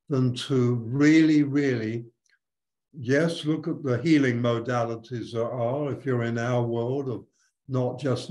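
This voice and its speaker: An older man talks in a thoughtful, storytelling way, often restarting his sentences. His voice sits at an ordinary pitch for a man. The room around him is roomy and echoey. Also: darkish tone. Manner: reflective, anecdotal, frequent restarts. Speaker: spiritual teacher guest. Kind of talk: conversational interview storytelling.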